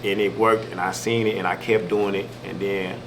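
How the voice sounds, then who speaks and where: A man's voice: low-pitched, normal speed. Slangy young man in a noisy room. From Milwaukee, Wisconsin. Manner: relaxed, slangy storytelling with frequent fillers. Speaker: comedian and social media creator. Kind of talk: casual interview chat. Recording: noisy background ambience.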